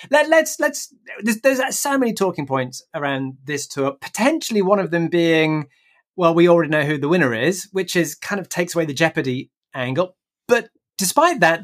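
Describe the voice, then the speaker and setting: A man's voice: on the high side, fairly bright tone. A man hosting a podcast in casual panel chat, chatty and steering his guests with questions. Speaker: podcast host.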